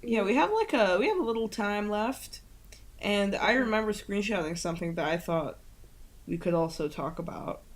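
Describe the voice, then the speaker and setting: A woman's voice: medium pitch, animated, normal speed. A woman co-hosting a podcast in casual chat, talking freely with lots of fillers and swearing. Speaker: podcast co-host. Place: home in Italy.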